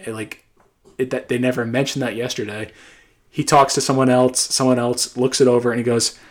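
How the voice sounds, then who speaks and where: A young man casually telling a long, exasperated anecdote, acting out the people he quotes. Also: medium pitch. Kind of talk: casual storytelling.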